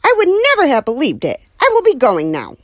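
A woman reads as a flustered neighbor lady in a children's storybook, her voice jumping up high and loud in shrill indignation. The exclamations sound scandalized, with a dry, close sound. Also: wildly swooping pitch, a little fast, no room sound. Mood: alarmed. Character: flustered middle-aged woman neighbor, easily shocked. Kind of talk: audiobook character voice.

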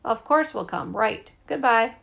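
A woman voicing an earnest, stubborn superhero father who speaks gravely and booms his declarations. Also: animated, measured pace, lo-fi sound, heavily acted. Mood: determined. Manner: grave, declaring, booming at times.

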